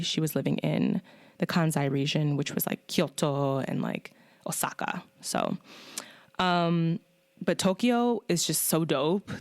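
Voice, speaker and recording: A woman's voice: fairly low pitch, darkish tone, no room sound. A woman hosting a podcast in casual chat, rambling and swearing, with lots of fillers. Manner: rambling, profane, with many fillers. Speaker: podcast host.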